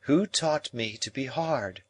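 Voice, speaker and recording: A man voicing a proud young woman who speaks in a calm, measured, reproachful way in an audiobook. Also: medium pitch, pitched above the performer's own voice. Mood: cool.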